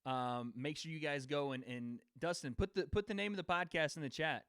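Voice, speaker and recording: A man's voice: fairly high pitch, a little fast, a bit bright, clean tone, dry recording, clean studio sound. Laughing young man chatting with his stream. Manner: laughing, bantering with chat. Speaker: livestream host. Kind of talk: casual livestream chat and fight predictions.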